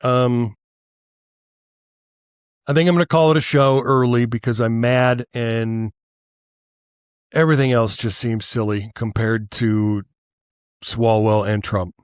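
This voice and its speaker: A man's voice: medium pitch, steady tone, clear, resonant tone, no room sound, clean studio sound. Angry, profane male podcast host. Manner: angry, profane, halting with repeated restarts. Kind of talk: solo political rant.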